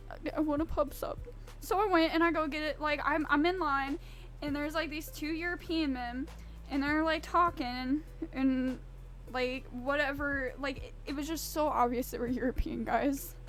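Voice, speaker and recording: A woman's voice: sits high, steady tone, normal speed, a bit bright. A woman streamer rambling casually and swearing freely while baking in her home kitchen. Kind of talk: casual live-stream chat.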